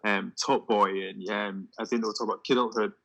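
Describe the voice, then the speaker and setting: A man in casual conversation, talking in an animated way with lots of "you know what I mean". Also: lowish voice, fairly quick, creaky, muffled recording. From Hull, England. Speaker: discussion guest. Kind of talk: casual chat.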